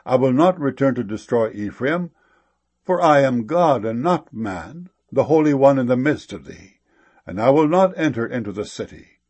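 A man giving a solemn scripture reading in a slow, measured way. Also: mid-range voice, expressive, a little mellow, slightly rough. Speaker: scripture reader.

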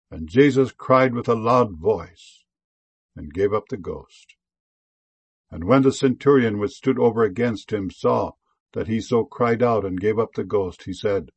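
A man reading old-fashioned scripture verses aloud in a measured, solemn way. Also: fairly low pitch, creaky, darkish tone, slightly rough. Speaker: scripture reader.

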